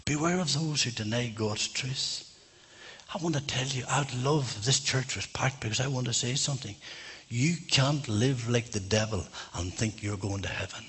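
A man's voice: medium pitch, moderate pace, fairly bright tone, breathy edge. A man preaching a sermon in a church, fervent and emphatic.

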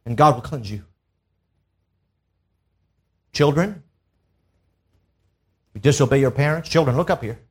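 A man's voice: medium pitch, lively intonation, measured pace, pauses often, breathy edge. A man preaching a sermon to a church congregation, emphatic, pressing his listeners with rhetorical questions. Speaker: pastor. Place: church service.

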